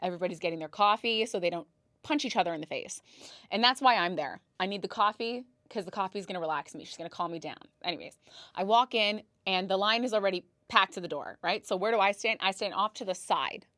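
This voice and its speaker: A woman's voice: medium pitch, quick pace, bright, forceful tone, dry recording, clean studio sound. A young woman hosting a podcast, telling stories in a casual, dramatic way, swearing and gasping for effect. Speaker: podcast host. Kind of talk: casual storytelling monologue.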